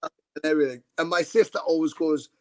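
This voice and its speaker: A man's voice: fairly high pitch, fairly even intonation, fast, a little mellow, no echo. A middle-aged man as a guest musician, telling rambling anecdotes over a video call, with lots of fillers and casual swearing. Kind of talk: casual interview storytelling.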